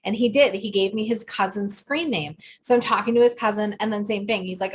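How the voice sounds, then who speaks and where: A woman co-hosting a podcast in casual chat, telling stories in a chatty, animated way. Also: medium pitch, fast talker, few pauses, slight background noise. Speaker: podcast co-host.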